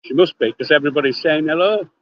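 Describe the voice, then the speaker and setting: Talking at a quick pace in a fairly high voice, an older Yorkshireman chats casually on a livestream from a phone in his hand. He's blunt, swears casually, speaks before thinking and greets viewers by name, and the recording is muffled.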